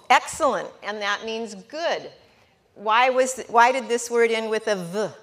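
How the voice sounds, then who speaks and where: A woman teaching a class at a board, slow and patient, coaxing her students with questions. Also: mid-range voice, a bit bright. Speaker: Hebrew teacher. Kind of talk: classroom lesson at a whiteboard.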